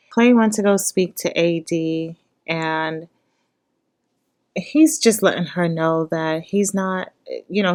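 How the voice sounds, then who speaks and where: A woman giving casual, emotional reaction commentary on a reality show, recapping scenes and breaking into loud exclamations and cursing. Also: lowish voice. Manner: emotional, exclaims loudly, curses, shifts from hushed recap to excited outbursts. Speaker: reaction vlogger.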